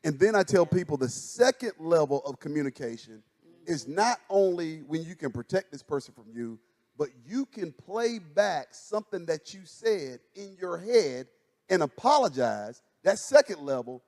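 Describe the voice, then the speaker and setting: A fairly high-pitched man, a pastor, chatting casually. He tells stories with animation and acts out the lines of the people in them. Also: normal speed. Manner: animated storytelling, acts out quotes. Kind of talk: casual chat. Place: church stage.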